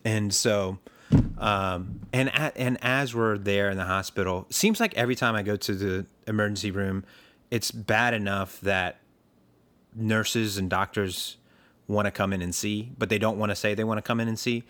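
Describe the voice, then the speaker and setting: A man's voice: on the low side, steady tone, normal speed, a bit bright. A man telling a story in casual podcast chat, chuckling often and rambling with lots of fillers.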